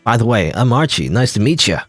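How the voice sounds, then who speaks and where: Guy voicing a chummy game burglar, smooth talker, lively, dry sound. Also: mid-range voice, a little fast, dry recording, soft background music. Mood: friendly. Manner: chummy, breezy, smooth-talking. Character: friendly cocky young male burglar.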